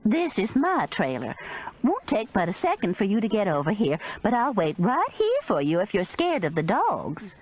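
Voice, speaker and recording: A woman voicing an older profane grandmother who talks in a shrill, screeching way in a storybook reading. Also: wildly swooping pitch, normal speed, slightly rough, lo-fi sound. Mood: bossy. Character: older profane Southern trailer-park grandmother.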